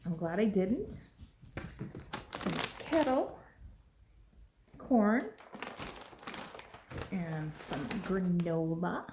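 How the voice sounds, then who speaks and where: A woman vlogging as she unboxes a package at home, gushing and exclaiming excitedly over each item. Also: on the low side, very slow, pauses often, background noise. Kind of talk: casual unboxing vlog. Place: at home with a pet. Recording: echoey room.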